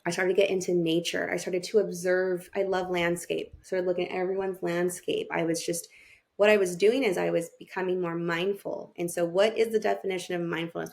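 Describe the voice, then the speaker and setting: A woman's voice: on the low side, creaky. A woman who works as a family therapist, a podcast guest telling her own story openly and with feeling, acting out what she thought at the time. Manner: open and emotional, acts out her own past thoughts. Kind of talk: candid personal storytelling.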